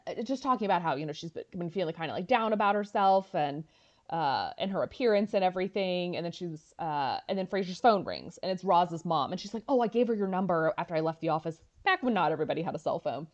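Podcast co-host, female, animated storyteller; slightly dull lo-fi sound. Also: lowish voice. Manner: animated storyteller, quick asides and quoted lines. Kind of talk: casual chat, retelling an episode.

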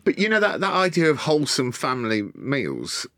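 A man, a podcast guest, telling animated stories in casual chat, swearing freely and acting out what people said. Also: medium pitch, normal speed, no room sound. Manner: animated storyteller, swears, acts out quotes.

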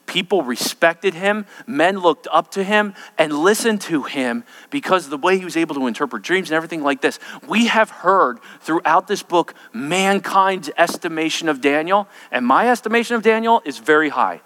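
A man's voice: on the high side, fairly bright tone, big-room sound. A man preaching an expository sermon, emphatic and often checking in with his listeners.

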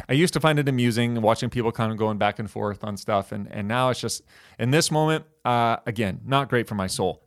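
A chatty man speaks casually to his church audience, sprinkling in plenty of "you guys" and easy fillers. His voice is smooth and resonant, sitting at an ordinary pitch for a man. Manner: chatty and warm-humored, often saying "you guys", with frequent ums and uhs.

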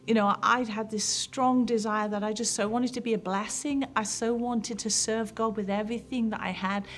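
A woman pastor in her fifties sharing a heartfelt personal testimony with mothers, in an earnest storytelling manner. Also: medium pitch.

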